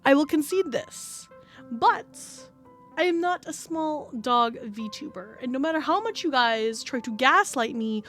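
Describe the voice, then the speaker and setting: Excitable high-voiced woman streamer. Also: unhurried, soft background music. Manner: excitable, gushing, breaks into squeals and laughs. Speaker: VTuber streamer. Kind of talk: casual livestream chat.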